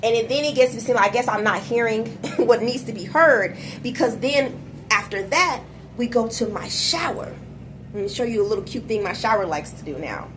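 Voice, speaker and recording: A mother talking casually and emphatically to her viewers about her spiritual journey, in slangy speech that swings from loud to hushed. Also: medium pitch, background noise. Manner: slangy, talks straight to viewers. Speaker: mother and motivational vlogger. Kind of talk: casual spiritual vlog talk.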